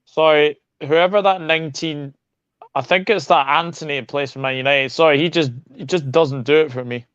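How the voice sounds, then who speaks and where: A man's voice: a little high, fairly even intonation, normal speed, fairly bright tone, clean tone, no room sound, muffled recording. A man co-hosting a football watchalong, chatting casually about the match with jokey asides. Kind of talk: casual live match commentary.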